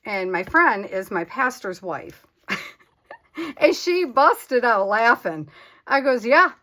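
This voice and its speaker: A woman's voice: fairly high pitch, sing-song, slow pace, fairly bright tone. A woman hosting a casual crafting vlog, chatting candidly and talking to her supplies as she works. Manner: self-deprecating and candid. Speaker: crafting channel host.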